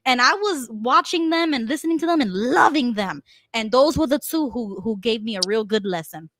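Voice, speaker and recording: A woman's voice: a little high, expressive, moderate pace, a bit bright, slight background noise. A woman co-hosting a casual political talk stream, chatting, laughing often and reading out viewer comments. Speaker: co-host.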